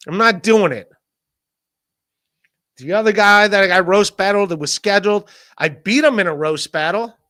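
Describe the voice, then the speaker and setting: A man hosting a podcast, rambling in a casual solo rant, swearing, laughing often and mock-shouting the people he quotes. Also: sits high. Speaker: podcast host.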